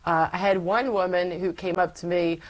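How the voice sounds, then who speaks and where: Recorded at low quality, this woman speaks at a normal speed in a fairly low voice. She's an interview guest recounting her personal faith testimony with animation, acting out past exchanges as she goes.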